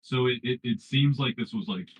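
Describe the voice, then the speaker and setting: A man's voice: mid-range voice, normal speed. A man narrating as game master of a tabletop game, rambling with many fillers. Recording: dull lo-fi audio.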